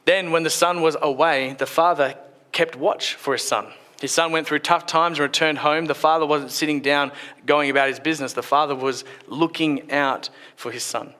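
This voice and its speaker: A man giving a short church sermon, retelling a story and dropping his voice softly at key points. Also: on the high side, steady tone, normal speed. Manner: retells the story with acted quotes, drops softer at key points. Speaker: preacher.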